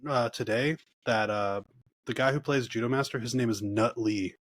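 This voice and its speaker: A man jokes around as a podcast co-host, excitable and loose. His voice sits mid-range. The recording is dry and close. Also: medium pitch, moderate pace, no echo. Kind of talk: casual chat on a video call.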